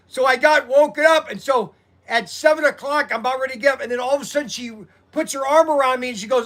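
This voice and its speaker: A man with a high, bright voice chats loosely with his viewers, rambling and animated. He runs a hobby shop and talks off the cuff into a phone on a tripod. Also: quick pace. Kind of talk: casual livestream chat.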